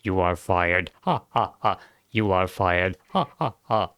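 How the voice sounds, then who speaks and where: A man's voice: deep voice, takes it slowly, fairly bright tone, clean tone, dry recording, studio quality, voice pushed down. A man putting on a cackling killer robot. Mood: flat menace. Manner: repeats a cackling catchphrase. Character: cackling murderous male robot, gleeful.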